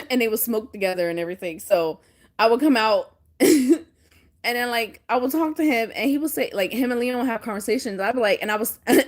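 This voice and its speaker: A woman vlogger chats through a story in a high, lively voice that swings up and down. She talks in an animated way and laughs often as she goes. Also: fairly quick. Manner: animated, laughs often while telling stories. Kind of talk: casual storytelling chat.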